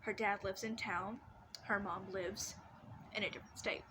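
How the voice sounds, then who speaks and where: A teenage girl vlogs casually from her bedroom, telling personal stories in a mid-range voice with a steady tone and moderate pace. She rambles with many restarts and fillers, and there's noise in the background.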